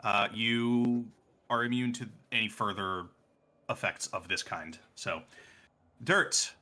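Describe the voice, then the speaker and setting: A man running a tabletop game as game master, unhurried as he describes scenes and calls for rolls. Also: on the low side, sharp tone.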